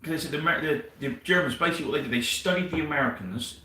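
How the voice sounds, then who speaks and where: A man with a bright, forceful voice tells long, rambling stories in casual chat, swearing as he goes. He sounds a little far from the microphone, and the room gives his voice a noticeable echo. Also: a little high, racing. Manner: rambling storyteller, swears freely. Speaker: co-host of a wargaming livestream. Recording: roomy sound from a distant mic.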